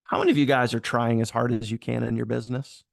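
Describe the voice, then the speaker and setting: Gravelly man giving motivational business talk. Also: medium pitch, flat delivery, quick pace, dry recording, clean studio sound. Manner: casual, filler-heavy, exhorting. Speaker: host.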